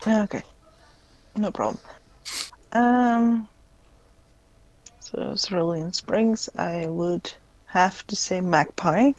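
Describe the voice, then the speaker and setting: Young adult, playful, casual stream chat, medium pitch. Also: drawn-out words, long pauses, a little mellow, no room sound. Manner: playful, laughs often. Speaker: guest player.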